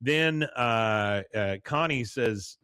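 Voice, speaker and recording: A man's voice: mid-range voice, very slow, sharp tone, smooth, no echo, clean studio sound. A man hosting a podcast, casually recapping a cartoon episode with lots of fillers. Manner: rambling, many fillers, reads quotes aloud. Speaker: podcast host.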